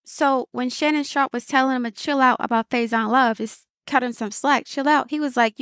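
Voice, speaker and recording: A woman's voice: high-pitched, fairly even intonation, normal speed, hardly any pauses, a bit bright, clean tone, no room sound, studio quality. A woman hosting her own channel, talking through her thoughts in casual commentary, reflective and given to repeating phrases for emphasis, with frequent small laughs. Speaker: video host.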